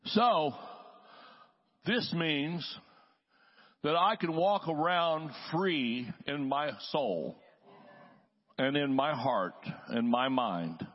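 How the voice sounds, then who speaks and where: A late middle-aged man preaching a conversational sermon, folksy and quick with joking asides. His voice sits a little high and sounds husky. The recording is muffled and lo-fi, with a long reverb tail from a large church hall. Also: expressive. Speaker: traveling healing evangelist, guest preacher.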